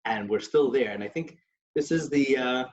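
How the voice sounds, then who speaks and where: A man's voice: mid-range voice, normal speed, background noise. A man co-hosting a podcast, telling stories in a casual religious discussion with many restarts and Yiddish terms. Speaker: podcast co-host. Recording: dull lo-fi recording.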